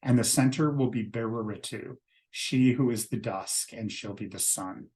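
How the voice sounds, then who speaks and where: Man calmly explaining ritual steps. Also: mid-range voice, normal speed. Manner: steady, step-by-step explaining. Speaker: ritual leader.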